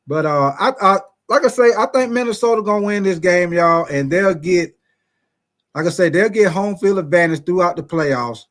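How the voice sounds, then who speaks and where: A man hosting a casual sports livestream, talking to his chat in a relaxed, chatty way. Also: a little high. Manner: chatty, laid-back, speaks to the chat. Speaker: sports show host.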